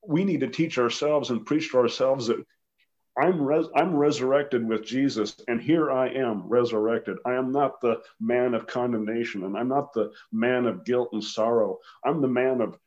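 A man's voice: mid-range voice, normal speed, a little mellow. Brief: fervent male podcast guest, mid voice, muffled lo-fi audio. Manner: fervent, declarative. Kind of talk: testimony in podcast conversation. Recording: dull lo-fi sound.

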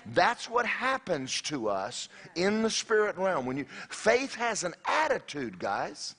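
A man preaching a sermon, telling a personal story in an animated way with frequent restarts and direct questions to the audience. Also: fairly high pitch, a little slow, few pauses. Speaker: pastor.

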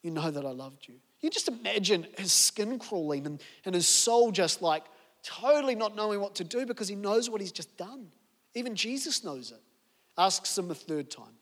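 Kiwi pastor guy preaching, high voice, lots of rhetorical questions, long echo like a big church hall. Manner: storytelling with many rhetorical questions. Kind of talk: sermon. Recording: long reverb of a large hall.

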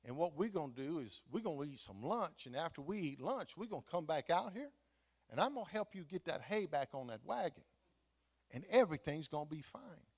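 A man voicing a kind older gentleman who speaks softly and gently, in a sermon story. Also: a little high, very animated, brisk. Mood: reassuring.

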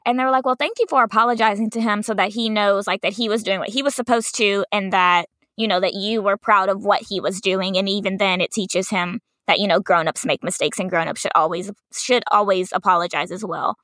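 Young woman co-host, kindergarten teacher, bright and lively storyteller, dry close sound. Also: mid-range voice, fairly quick, few pauses, no room sound. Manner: animated, acts out quotes in a sing-song teacher voice. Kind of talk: casual storytelling chat.

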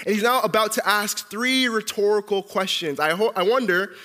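A man preaching a sermon as pastor, animated, calling out questions for listeners at home to answer. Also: high voice, normal speed, long reverb tail.

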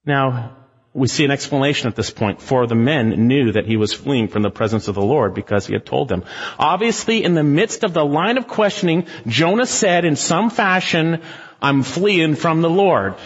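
A man's voice: a little high, expressive, brisk, husky, big-room sound, muffled recording. A man preaching an expository sermon, emphatic and dramatic as he walks through a passage. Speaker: pastor.

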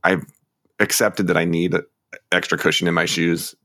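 Deep-voiced rambling man, dry mic. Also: level tone, normal speed, sharp tone, no echo. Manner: rambling, self-deprecating, laughs easily. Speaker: podcast co-host. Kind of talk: casual chat.

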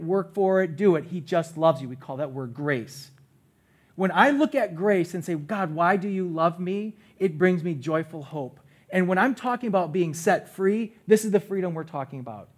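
A middle-aged man, a pastor, preaching a sermon on a church stage, swinging from loud bursts to quiet asides. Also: high voice, husky.

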